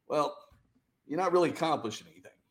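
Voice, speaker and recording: A man's voice: fairly high pitch, quick pace. A man, a business founder and guest, telling stories in a casual interview and acting out the dialogue. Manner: animated, acts out quoted dialogue.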